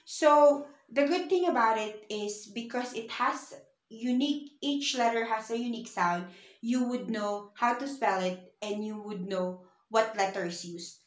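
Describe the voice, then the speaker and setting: A woman's voice: fairly high pitch, measured pace, roomy sound. A woman teaching a beginner language lesson, patient and repeating words for the learner to say back.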